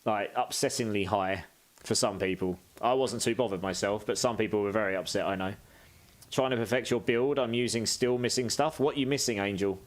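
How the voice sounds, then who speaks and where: A man's voice: on the low side, a little fast. A British man streaming a game live, chatting casually as he reads out and answers viewer messages.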